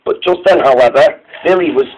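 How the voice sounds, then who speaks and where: A man's voice: mid-range voice, a little mellow, a little hiss or hum, low-quality recording. A man narrating a fan-made train story, stumbling and restarting his sentences often. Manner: halting, frequent restarts.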